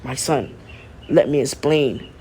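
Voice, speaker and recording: A man voicing a scheming villain who turns out to be a long-lost father, speaking low and hushed. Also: takes it slowly, breathy edge. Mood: tender.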